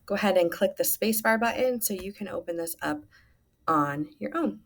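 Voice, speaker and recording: A woman's voice: mid-range voice, expressive, normal speed. A woman teacher giving a recorded lesson to students, patient and instructive, with frequent "um" fillers.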